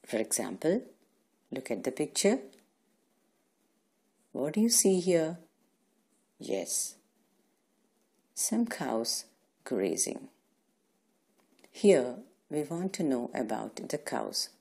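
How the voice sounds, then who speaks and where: A woman's voice: low voice, big pitch swings, slow, gravelly, long pauses, mellow, husky. A woman teacher, giving a patient grammar lesson to young children and answering her own questions. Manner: patient, asks questions and answers them herself.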